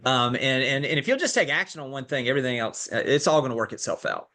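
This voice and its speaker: A man's voice: mid-range voice, sing-song, quick pace, pushed and bright. Hesitant male panelist with fillers. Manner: hesitant, thinking aloud, many fillers. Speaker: workshop panelist. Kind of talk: casual group feedback.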